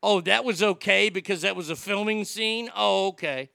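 Brash, gravelly ranting man. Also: high voice, moderate pace, bright, forceful tone, no echo, clean studio sound. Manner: brash, ranting, stammering restarts. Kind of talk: opinionated talk commentary.

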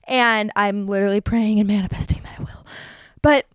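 A woman's voice: mid-range voice, brisk, smooth, dry recording, studio quality. A young woman hosting a podcast, talking candidly and casually about her life, with a chatty manner. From New Jersey. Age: young adult. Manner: chatty, candid, lively with quoted voices. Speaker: podcast host. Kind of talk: casual confessional monologue.

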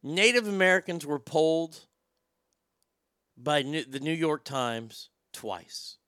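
A man's voice: on the high side, animated, slow pace, pushed and bright, no room sound, studio quality. A man hosting a talk show, ranting bluntly and profanely, with frequent stammered restarts. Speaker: show host. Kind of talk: opinionated talk show rant.

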